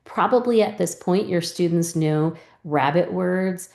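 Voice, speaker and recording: A woman teacher explaining a reading lesson, calmly modeling teacher and student turns step by step. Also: on the low side, unhurried, creaky, reverberant. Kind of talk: instructional lesson.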